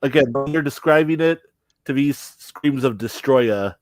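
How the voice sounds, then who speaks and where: A man's voice: mid-range voice, normal speed, no echo. Matter-of-fact man on a dry mic. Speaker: podcast co-host. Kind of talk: casual chat.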